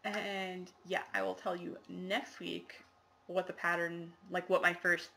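A woman's voice: fairly low pitch, flat delivery, unhurried, creaky, sharp tone, a little hiss or hum. A woman chatting casually to the camera in a show-and-tell video, rambling with lots of fillers and apologies. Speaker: cross-stitch vlogger.

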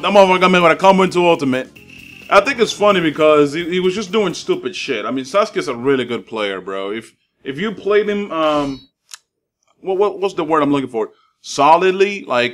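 Man, gaming commentary, profane trash talk, fairly high voice, game music underneath. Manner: excitable, profane trash talk, swings between hype shouts and mutters. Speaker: gaming YouTuber. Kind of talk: live gameplay commentary.

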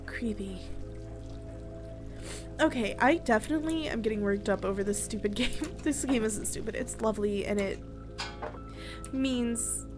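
A woman's voice: on the high side, normal speed, long pauses. A young woman giving casual let's play commentary, chatty and emotional, swearing often and sometimes dropping to a whisper. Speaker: gaming streamer. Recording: game music playing behind.

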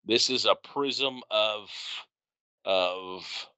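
A man's voice: on the low side, extremely slow, pushed and bright, clear, resonant tone, no room sound, highs cut off. A man co-hosting a podcast, chatting casually and telling wry, joking stories. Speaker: podcast co-host. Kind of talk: casual chat.

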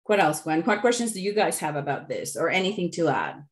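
Give me a middle-aged woman coach with a slightly low voice, talking through a workshop in a lively, chatty way. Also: a little fast. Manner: chatty, lively, loose storytelling. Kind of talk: online workshop talk.

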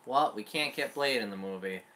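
A man's voice: on the low side, a little fast, background noise. A man chatting casually as co-host, making dry, wry remarks. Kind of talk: casual chat.

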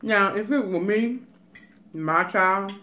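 A woman's voice: mid-range voice, takes it slowly, bright, forceful tone. Woman vlogger, casual and emphatic, talks straight to her viewers. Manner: emphatic, advice-giving, repeats "let me tell you". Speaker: cooking and mukbang vlogger. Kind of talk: casual chat.

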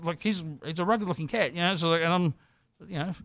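Animated New Zealand storyteller man. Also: sits high, quick pace, no echo. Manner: animated storyteller, laughing through his tale. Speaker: podcast host. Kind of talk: comedic anecdote.

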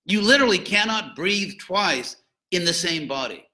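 This older man teaches students in a chatty, informal way as a spiritual guide, adding humorous asides and animated emphasis. He speaks at normal speed in a high-pitched voice, captured on a rough recording.

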